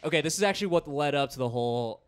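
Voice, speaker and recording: Man, podcast co-host, fast chatty delivery, a bit high voice, casual talk. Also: lively intonation. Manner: rapid and chatty, fills talk with "like". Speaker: podcast co-host, stand-up comic.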